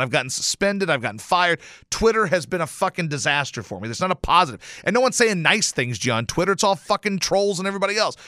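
A man hosting a podcast, delivering a casual, profane, animated rant on his own. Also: on the high side, no echo, studio quality. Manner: animated and profane, swears often. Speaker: podcast host. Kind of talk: casual ranting monologue.

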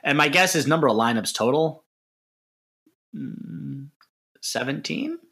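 Lively bright-voiced man co-hosting a podcast. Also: on the high side, measured pace, creaky, breathy edge. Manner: animated, joking, worked-up rants. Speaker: podcast co-host. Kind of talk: casual sports podcast chat.

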